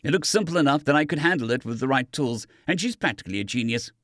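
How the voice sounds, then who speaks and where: A guarded young spacer, voiced by a man, plain and muttering in the narrator's own range. The delivery stays lively in pitch. It sounds dry and close-miked. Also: quick pace, no echo, close to an everyday voice. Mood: wry. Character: wary young male spacer, steady and guarded.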